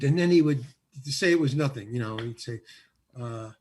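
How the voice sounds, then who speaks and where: A man's voice: medium pitch, normal speed, darkish tone. An older man acting as the guest, telling a story in an interview and acting out the lines of other people. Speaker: guest actor.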